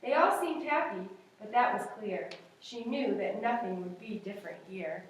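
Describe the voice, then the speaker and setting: A woman's voice: medium pitch, animated, normal speed, a little hiss or hum. A young woman teaching a class, reading a picture book aloud in an encouraging, sing-song way. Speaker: student teacher. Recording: echoey room, far from mic.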